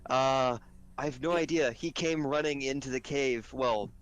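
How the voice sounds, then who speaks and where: A man's voice: medium pitch, moderate pace, a little hiss or hum. A young man speaking as a tabletop game player, casual and flippant. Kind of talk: in-character tabletop play.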